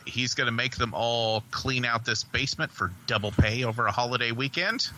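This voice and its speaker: A man co-hosting a podcast, reviewing a movie in a rambling, profane, excitable way. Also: medium pitch, slight background noise, poor audio. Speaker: podcast co-host. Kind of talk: casual movie review chat.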